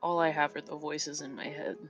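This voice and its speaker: A woman's voice: low voice, flat delivery, brisk, a bit bright, faint music behind. A woman chatting casually as a co-host, telling stories and laughing easily. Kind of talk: casual stream chat.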